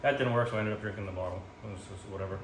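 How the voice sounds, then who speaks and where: A man's voice: fairly low pitch, steady tone, rapid-fire. A man chatting casually while cooking at home, rambling with lots of ums and self-mocking jokes, filmed on a phone. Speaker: home cook vlogger. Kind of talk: casual cooking vlog chat. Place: home kitchen. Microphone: phone camera in portrait mode. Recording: echoey room with background noise.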